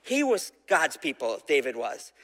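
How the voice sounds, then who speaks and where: A man with a slightly high voice gives a relaxed sermon, retelling a scripture story as if chatting with friends. He keeps asking his listeners questions. The sound rings with a long hall reverb. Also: unhurried. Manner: conversational, asks the audience questions, acts out quoted voices. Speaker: preacher.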